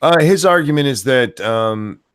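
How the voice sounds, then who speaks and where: A man's voice: medium pitch, expressive, a little slow, fairly bright tone, smooth, no room sound. A man co-hosting a casual podcast, reading out viewer messages and making dry sarcastic quips. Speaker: podcast co-host. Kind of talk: casual chat.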